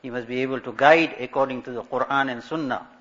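Man, sermon, storytelling, rhetorical questions, mid-pitched voice, muffled lo-fi sound. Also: quick pace, fairly bright tone. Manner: storytelling, rhetorical questions, Arabic religious terms. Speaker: Islamic scholar giving a talk. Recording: dull lo-fi recording.

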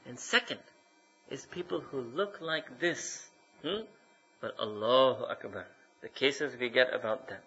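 A man's voice: medium pitch, a little slow, sharp tone, slightly rough. A man preaching a sermon as a mufti, scolding his listeners with rhetorical questions and frequent "hmm?". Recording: dull lo-fi recording.

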